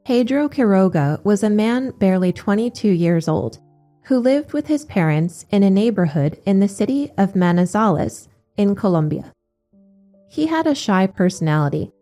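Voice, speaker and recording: Woman, scripted narration, measured and even, warm dark tone, faint music underneath. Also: mid-range voice. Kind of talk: scripted narration of religious accounts.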